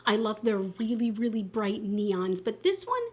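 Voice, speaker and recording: A woman beauty vlogger chatting casually to camera, expressive and candid, with lots of fillers and self-corrections. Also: mid-range voice, a little slow. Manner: enthusiastic and candid, swearing casually. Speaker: beauty YouTuber. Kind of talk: casual vlog chat to camera.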